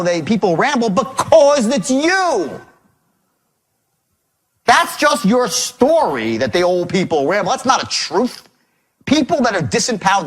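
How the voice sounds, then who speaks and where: A man telling a story as a sales trainer in a motivational seminar, talking in an animated, profane way with lots of emphatic repetition. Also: sits high.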